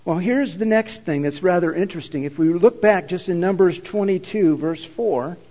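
A man preaching a sermon and retelling a scripture story in an animated, conversational way. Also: high-pitched, moderate pace. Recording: echoey hall, dull lo-fi.

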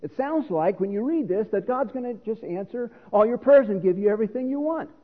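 Middle-aged man, pastor, sermon, husky voice, long hall echo, thin phone-like sound. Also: high-pitched, lively intonation, fairly quick. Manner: teaching, explanatory, earnest. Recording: reverberant hall on a phone-like line.

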